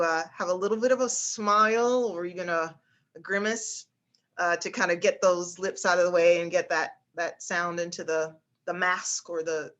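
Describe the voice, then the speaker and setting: A woman speech instructor teaching voice exercises in an online class, often demonstrating bright high exclamations. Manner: demonstrates pitches with exaggerated exclamations, frequent fillers.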